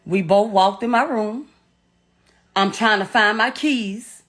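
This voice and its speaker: A middle-aged woman with a slightly high voice tells her own story as a mother. She speaks bluntly and haltingly, swears freely and restarts her sentences as she goes. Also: a bit bright. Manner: blunt, profane, halting retelling. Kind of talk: emotional first-person account.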